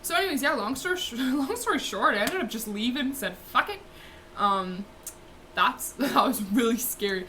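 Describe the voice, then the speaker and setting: A woman's voice: on the high side, lively intonation, normal speed, pushed and bright, slight background noise. A young woman, telling a story casually with lots of "like" fillers, swearing and laughing. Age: young adult. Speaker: vlogger.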